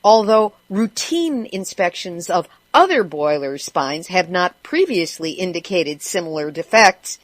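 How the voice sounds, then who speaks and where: A woman's voice: on the low side, no echo. A woman hosting a radio show, reading news in a scripted way with wry, sarcastic asides.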